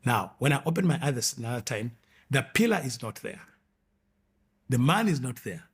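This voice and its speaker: A man earnestly telling his personal testimony in a halting way, restarting his sentences often. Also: medium pitch, sing-song, husky. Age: 20s or older, adult.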